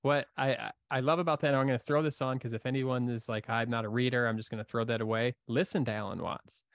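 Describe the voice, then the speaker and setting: An excitable male podcast host who chats loosely and laughs often, tripping over his own sentences. His voice sits at a middle pitch and is recorded close and dry, with no room sound. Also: fast talker, dry recording. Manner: enthusiastic, laughs easily, stumbling restarts. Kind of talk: casual interview chat.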